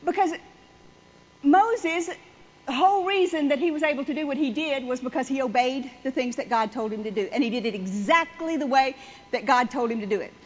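High-voiced woman preaching, lo-fi. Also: fairly quick. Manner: conversational, repetitive, emphatic. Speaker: church speaker. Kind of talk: sermon.

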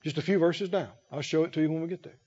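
A man preaching a sermon, emphatic and repetitive, who slows to stress key phrases and rises in fervor. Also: a little high, fairly even intonation, dark tone, slightly rough. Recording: dull lo-fi recording.

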